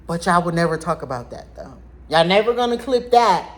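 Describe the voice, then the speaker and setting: A woman telling viewers a personal story in a casual vlog, talking in an animated, blunt way and addressing them directly. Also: on the low side, brisk.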